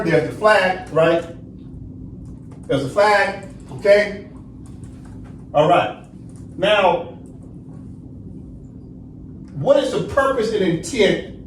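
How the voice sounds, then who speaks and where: A man with a high-pitched voice leads a study class. He poses questions and answers them himself, tagging "right?" onto his points. The sound is distant and roomy, with a faint hiss behind it. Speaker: study session teacher. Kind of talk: lecturing class. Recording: roomy echo, distant mic, faint noise.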